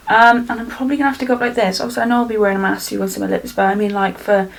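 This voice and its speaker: A woman's voice: mid-range voice, fast, vocal fry, hardly any pauses, fairly bright tone, slight background noise, poor audio. A young woman from South Wales, chatting and rambling her way through a makeup tutorial at home, swearing freely. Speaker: beauty vlogger. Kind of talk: casual makeup tutorial chat. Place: home, indoors.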